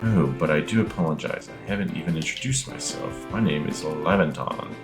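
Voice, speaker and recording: Brief: polite, fussy male game professor, read aloud by a man in a deep voice with a lively, sing-song lilt. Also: fairly quick, music in the background. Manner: read aloud from on-screen text in a mock-formal tone.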